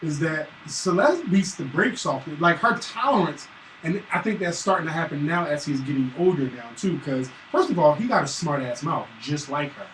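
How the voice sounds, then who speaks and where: A man chatting casually and acting out stories about his son, profane and animated. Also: fairly high pitch, normal speed. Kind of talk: casual chat, storytelling. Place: room at a live stream. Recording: roomy, distant mic, faint hiss.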